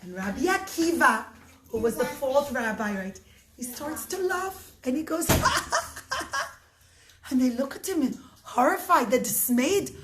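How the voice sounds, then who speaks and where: A woman telling a story to children with expressive, dramatic pacing. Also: sits high, normal speed. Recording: roomy echo, faint noise.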